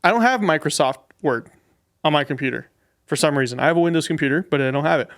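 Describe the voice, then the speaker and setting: A man's voice: fairly high pitch, expressive, fast talker, a bit bright. Hesitant man podcast producer. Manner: self-deprecating, hesitant, rambling. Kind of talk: casual podcast chat. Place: podcast studio.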